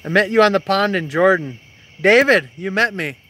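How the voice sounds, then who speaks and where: Sitting high and expressive, his voice has a sharp tone and a normal speed. The young host of a fishing live stream, he's out on a creek bank at night, casually joking with his partner and reading viewers' comments aloud.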